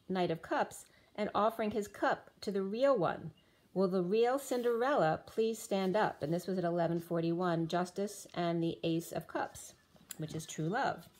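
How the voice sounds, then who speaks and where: A woman's voice: medium pitch, a little mellow. Woman giving a rambling tarot reading. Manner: dreamy, free-associating, rhyming asides. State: losing her voice. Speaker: tarot reader. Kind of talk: spiritual tarot reading monologue.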